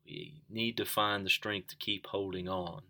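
A man's voice: low voice, steady tone, unhurried, creaky, bright, forceful tone. A man preaching a sermon, earnest, asking the listeners questions and repeating key phrases for emphasis.

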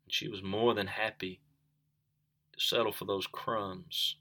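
A man's voice: on the low side, flat delivery, a little slow, gravelly, pushed and bright. A man preaching a sermon, earnest, asking the listeners questions and repeating key phrases for emphasis.

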